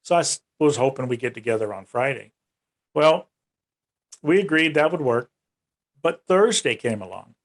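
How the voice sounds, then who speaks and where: A man's voice: animated, moderate pace, pauses often. Man telling a story, acting out quotes. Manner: retells events in long runs, raising his pitch to act out quoted speech. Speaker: UFO research organization director, guest. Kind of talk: casual storytelling in a podcast interview.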